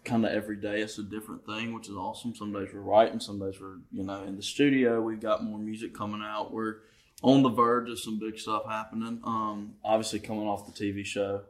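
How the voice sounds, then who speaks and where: A man's voice: on the low side, level tone, a little fast. Brash young Southern man telling stories. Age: young adult. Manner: brash storytelling, swears freely. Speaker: guest. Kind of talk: casual chat.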